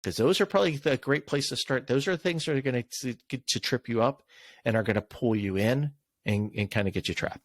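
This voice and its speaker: A man's voice: mid-range voice, a little fast, no echo. A middle-aged man, a guest on a podcast, speaking plainly in casual conversation and often restarting his sentences. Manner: animated, plain-spoken, trails off and restarts.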